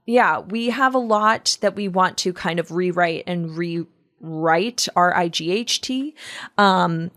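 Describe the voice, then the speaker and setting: A young woman co-hosting a podcast in casual chat, animated and acting out quotes as she talks. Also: fairly low pitch, slow. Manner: animated, acts out quotes from scenes. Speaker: podcast co-host.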